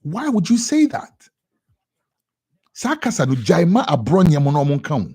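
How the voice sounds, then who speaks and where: A young Ghanaian man with a Ghanaian accent giving an animated editorial commentary on radio, often repeating words for emphasis. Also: fairly high pitch, normal speed, slightly rough.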